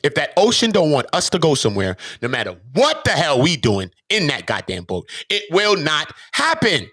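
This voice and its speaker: A man hosting his own channel, talking off the cuff to viewers in an emphatic, preachy way full of rhetorical questions, swinging from loud bursts to low mutters. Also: huge pitch swings, normal speed, breathy edge, no echo, studio quality. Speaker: channel host. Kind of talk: unscripted monologue to viewers.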